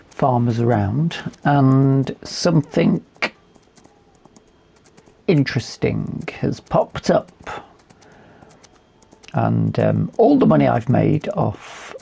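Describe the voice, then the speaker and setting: A man talks through his game at an easy, unhurried pace, pausing often with ums and ahs. His voice is hoarse and fading, with a heavy gravelly fry. The tone sits low and mellow rather than bright. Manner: unhurried, thinking aloud with fillers. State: losing his voice. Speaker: gaming video host. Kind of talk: relaxed game commentary.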